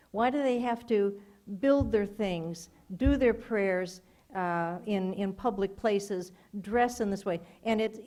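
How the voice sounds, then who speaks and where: An older woman answering audience questions after a lecture, measured and thoughtful, with frequent pauses. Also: mid-range voice, darkish tone. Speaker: guest speaker answering questions.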